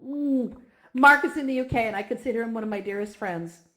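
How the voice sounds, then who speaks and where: A woman's voice: a little high, a little fast, a bit bright. A woman giving a heartfelt, emotional talk to a virtual reality community, speaking effusively and close to tears at times.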